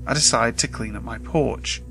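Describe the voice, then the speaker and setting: A man's voice: mid-range voice, normal speed, creaky, bright, forceful tone, poor audio. Man narrating a horror story over music.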